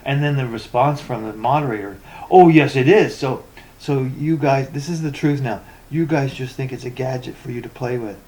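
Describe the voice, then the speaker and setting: A man's voice: mid-range voice, normal speed, a little mellow. A man ranting in a vlog about poor tech support, reading forum posts aloud with sarcastic, exasperated comments and many stammered repetitions. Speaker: tech vlogger.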